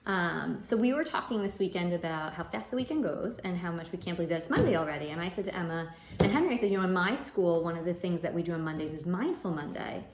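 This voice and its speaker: A woman's voice: on the low side, animated, fast talker. A woman who is an educator, leading a casual home lesson with children, often prompting them with "right?" and some fillers. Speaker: educator leading a mindfulness activity. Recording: echoey room, faint noise.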